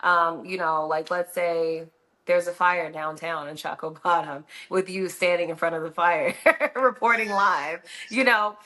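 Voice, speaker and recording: A woman radio host chatting as a podcast guest and handing out frank, practical advice. Her voice sits lower than most women's but comes across bright and forceful. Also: little pitch movement, normal speed. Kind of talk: casual podcast interview.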